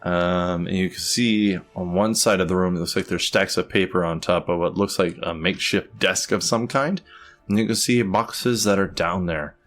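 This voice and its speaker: A man's voice: deep voice, steady tone, normal speed, fairly bright tone, faint music behind. A man narrates a tabletop game as game master. He describes each scene in a loose, casual way and uses plenty of fillers.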